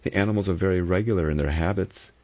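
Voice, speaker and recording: A man voicing a cool, sardonic adventurer who speaks in a soft, mocking way. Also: low-pitched, fast talker, dry recording, voice pushed up, natural voice. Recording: dull lo-fi recording.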